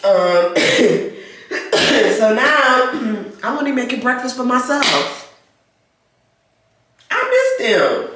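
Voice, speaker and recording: A middle-aged woman vlogger wheezing from asthma, telling stories in a chatty, laughing, animated way. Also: on the high side, drawn-out words, pauses often, very echoey. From United States. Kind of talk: casual chat to camera. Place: inside a car.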